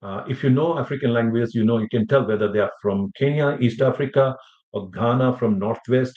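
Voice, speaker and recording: A man's voice: mid-range voice, a little fast. A man giving a classroom lecture, rambling with many fillers and restarts and checking in with his students. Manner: addresses students with questions. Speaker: language teacher. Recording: echoey room, muffled sound.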